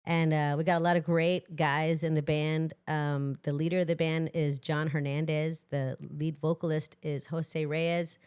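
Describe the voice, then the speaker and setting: Lively, self-deprecating woman singer. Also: deep voice, unhurried, few pauses, clear, resonant tone. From Los Angeles. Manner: self-deprecating, animated, laughs often. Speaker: singer and podcast guest. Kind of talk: casual podcast interview.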